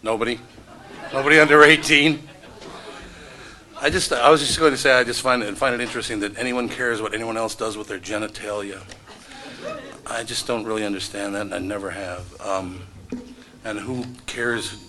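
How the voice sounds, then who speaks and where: A man's voice: lowish voice, fairly even intonation, normal speed, long pauses, sharp tone. A middle-aged man, a radio host emceeing a live event, joking with the crowd in wry, sarcastic asides. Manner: wry, sarcastic asides and self-deprecating jokes. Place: event room before a live audience.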